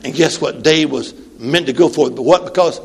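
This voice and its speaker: A man in his sixties preaching a Pentecostal sermon. He calls for amens, shouts and sings out his lines. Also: mid-range voice, moderate pace, vocal fry, breathy edge, faint music behind. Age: 60s. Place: church sanctuary. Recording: long hall reverb.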